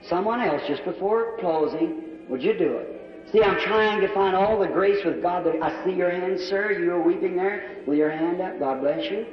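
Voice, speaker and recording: An old, dull recording captures a distant preacher in a long, ringing hall: a big church with box seats and a balcony. Over soft background music, he delivers a sermon altar call and prayer at a moderate pace, his voice high and fervent as he repeats his pleas again and again.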